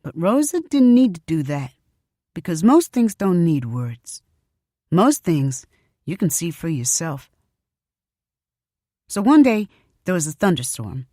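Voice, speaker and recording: A woman narrating a story audiobook in an expressive first-person telling. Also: deep voice, dry recording, studio quality.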